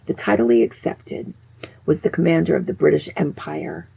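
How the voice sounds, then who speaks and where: An older woman tells stories in a casual, chatty flow, often restarting her sentences and adding asides. Her voice sits low and is full of gravelly fry. It is husky and dark, with a mellow, breathy tone. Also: expressive, normal speed, poor audio. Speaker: host. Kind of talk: casual storytelling.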